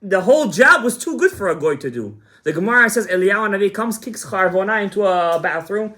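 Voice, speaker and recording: A man's voice: sits high, animated, brisk, hardly any pauses, a bit bright. A rabbi teaching a Torah class. He retells the story with quoted dialogue and Hebrew terms, and keeps asking the audience questions that he answers himself.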